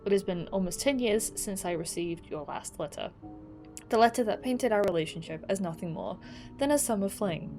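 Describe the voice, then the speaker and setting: A woman streaming a game, reading its letters aloud and breaking off for quick asides and laughs. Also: mid-range voice, a little mellow.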